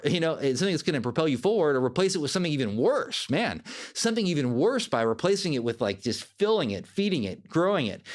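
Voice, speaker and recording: A man hosting a podcast as a life coach, giving a motivational monologue in an animated, conversational way. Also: a little high.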